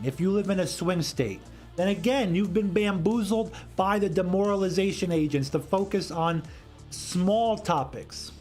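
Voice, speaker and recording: A man with a high-pitched voice hosts a solo political commentary livestream. He answers the chat argumentatively and in a rambling way, often repeating himself.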